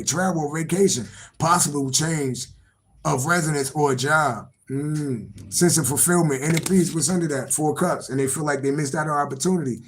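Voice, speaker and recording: A man's voice: fairly high pitch, slight background noise, rough recording. Rambling man reading tarot live. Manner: rambling and repetitive, swears freely, laughs to himself. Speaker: tarot reader.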